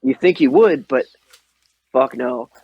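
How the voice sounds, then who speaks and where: This Midwestern man's mid-range voice carries a breathy edge as he takes his time telling lively airsoft anecdotes on a podcast. The conversation is casual, full of swearing and laughter, and the recording is muffled with no room sound.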